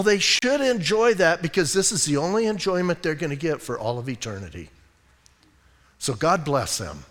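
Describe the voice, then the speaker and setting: A man's voice: high-pitched, a bit bright, in a large hall. A middle-aged man preaching a casual, conversational sermon as pastor, folksy, with many fillers and restarts. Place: church sanctuary.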